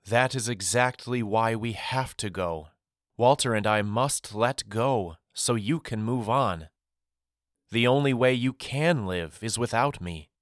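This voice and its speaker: A man voicing a gentle, grieving mother saying a tender farewell in an audiobook, speaking softly and with measured calm. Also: mid-range voice, no room sound, clean studio sound, lightly acted. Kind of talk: audiobook character voice.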